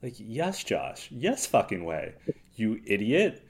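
Lively, blunt podcast man. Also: on the low side, slow pace, vocal fry, a little hiss or hum. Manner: blunt, laughs often, emphatic. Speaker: podcast co-host. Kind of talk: casual podcast recap chat.

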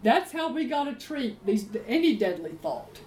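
A woman preacher, giving a sermon in an emphatic, animated storytelling way. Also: a little high, normal speed, slight background noise. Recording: roomy echo, faint ambience.

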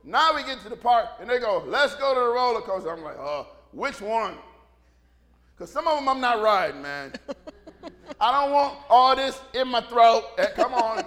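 A man's voice: very high-pitched, animated, moderate pace, bright, forceful tone. A man in his fifties, a pastor giving a casual, storytelling sermon who acts out the voices of the people he talks about and laughs often. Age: 50s. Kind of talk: conversational sermon.

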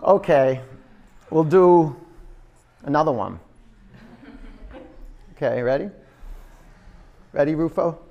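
A man's voice: on the high side, slow pace, pauses often, lo-fi sound. A man teaching a yoga class in a studio, counting down holds and coaxing students in a playful, encouraging way. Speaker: yoga instructor.

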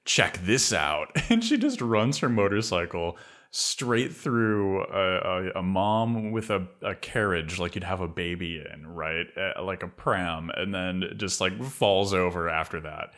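A man's voice: low voice, animated, measured pace, fairly bright tone. A man co-hosting a podcast, talking movies in a rambling way, full of filler words. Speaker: podcast co-host. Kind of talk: casual film discussion.

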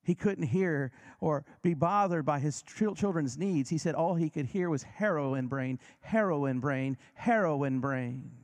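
A man preaching a sermon, emphatic and dramatic, who slows down and speeds up, drops to a near whisper and rises again, and leads his listeners in repeating lines. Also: fairly high pitch, a little mellow. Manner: emphatic, varies pace and volume for effect.

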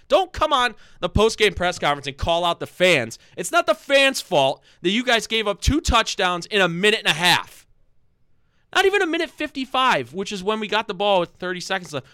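A man in a heated sports rant, shouting and swearing at his team. His voice sits high and swings wildly, with a smooth, sharp tone. The sound is dry and close. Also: no echo. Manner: angry, loud, swearing, fast repeated phrases.

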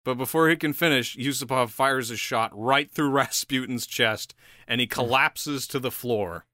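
A man's voice: medium pitch, normal speed, sharp tone, no room sound, clean studio sound. A man casually retelling a story to a friend, laughing often and acting out the characters' lines. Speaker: podcast co-host.

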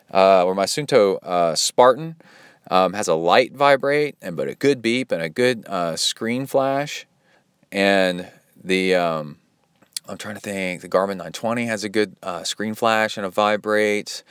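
A man with a somewhat low, slightly bright, clean voice, recorded dry with studio quality. He hosts a podcast and coaches triathletes, chatting casually as he reads listener donations. His delivery rambles and stays upbeat, packed with fillers, and he imitates watch beeps.

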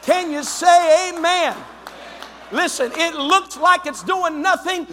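A male pastor with an Ohio accent preaching a fervent sermon in a church, rising to shouts. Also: extremely high pitch, slow pace, some chatter behind, a little hiss or hum. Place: church sanctuary. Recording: long church reverb.

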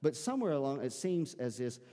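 A man's voice: medium pitch, big pitch swings, fairly quick, dark tone. A man with a Southern US accent preaching a sermon as pastor, rising into emphatic bursts and calling out to his congregation. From American South. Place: church sanctuary. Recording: live-streamed sermon in a reverberant hall.

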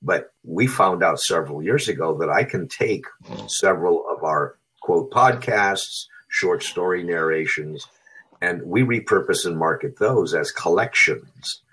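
A middle-aged radio talk show host with a very low, deep voice rambles on encouragingly, filling gaps with ums and restarts. His tone is heavily husky and breathy, with a rough grain throughout. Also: expressive, measured pace, fairly bright tone, low-quality recording. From California. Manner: encouraging, rambling, many fillers. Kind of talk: casual chat.

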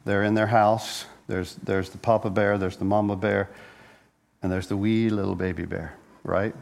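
A man's voice: fairly low pitch, little pitch movement, moderate pace, vocal fry. A man preaching a conversational sermon as a pastor, joking and telling stories, often repeating words as he goes. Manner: playful, joking storyteller; frequent word repeats.

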